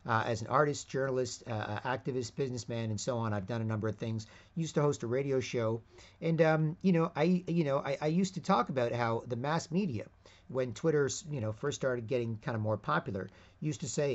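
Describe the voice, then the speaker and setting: A man of middling pitch delivers a loose, rambling monologue as the host of an online show. He keeps circling back with fillers and restarts, and the audio has a slightly dull, lo-fi quality. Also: brisk. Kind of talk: casual monologue.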